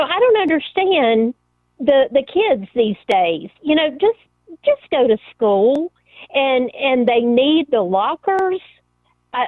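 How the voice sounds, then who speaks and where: A woman phones in to a radio show, chatting in a rambling, nostalgic way. Her voice is high and sounds thin and tinny over the phone line, dry with no room around it. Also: dry recording. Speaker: caller. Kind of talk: phone-in call.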